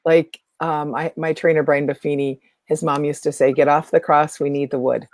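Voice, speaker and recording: A woman's voice: low voice, flat delivery, normal speed, a little mellow, a little hiss or hum. Emphatic woman spiritual teacher. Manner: emphatic, repeats phrases for effect. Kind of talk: teaching talk.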